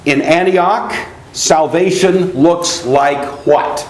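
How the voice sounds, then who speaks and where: A man's voice: fairly high pitch, drawn-out words. A male teacher giving a classroom lecture, putting questions to students and then explaining at length. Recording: echoey classroom with faint noise.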